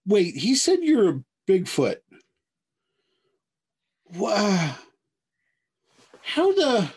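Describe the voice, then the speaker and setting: A man's voice: high voice, wildly swooping pitch, very slow, a little mellow, breathy edge, pitched above the performer's own voice, heavily acted. A man voicing a flummoxed middle-aged housewife mother with a shotgun, stammering and repeating herself. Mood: baffled.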